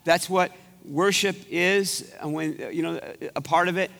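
A man's voice: on the high side, moderate pace, vocal fry, fairly bright tone. A man preaching a conversational sermon as pastor, often restarting his sentences. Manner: conversational, rambling with many restarts. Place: church sanctuary. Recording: echoey church sanctuary.

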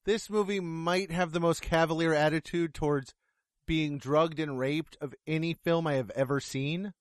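A man with a high voice reviews a film in casual conversation. He talks bluntly and sarcastically, with plenty of swearing. The sound is dry and close. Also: fairly even intonation, moderate pace, no echo. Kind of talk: casual movie review chat.

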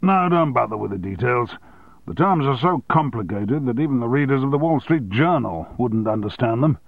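A man reading an audiobook and voicing a blustering, domineering male newspaper owner who talks loudly and impatiently. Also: expressive, normal speed, vocal fry, no echo. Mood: triumphant. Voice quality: loud, booming. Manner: bullying, impatient.

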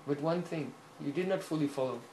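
A man voices an imperious old sage, calm and lordly as he hands down judgment. The voice rings in a roomy space over a faint hiss. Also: a little high, brisk, close to an everyday voice. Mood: pleased. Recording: echoey room, faint hiss.

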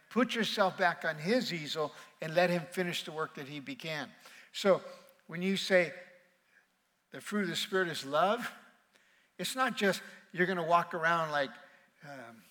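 Pastor, man, high bright voice, lively sermon in a reverberant auditorium, teases and prompts the crowd. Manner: playful, calls on the congregation to respond. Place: large auditorium with balcony.

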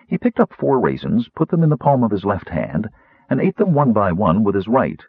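Low, husky male audiobook narrator. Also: normal speed, no room sound. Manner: lively, expressive reading. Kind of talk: scripted narration. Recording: thin phone-like dry audio.

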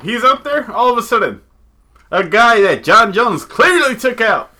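A man's voice: very high voice, sing-song, moderate pace, bright, forceful tone. A man co-hosting a podcast in casual chat, brash and profane, ranting in a hyped way. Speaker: podcast co-host.

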